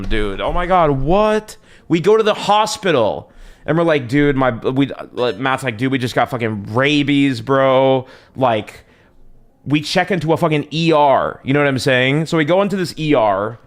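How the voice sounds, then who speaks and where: A young male streamer tells his chat a long story in loose, slangy talk, swearing and circling back on himself. His pitch swings widely from line to line, climbing high when something strikes him as crazy. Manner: rambling, profane, slangy, restarts a lot. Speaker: livestreamer.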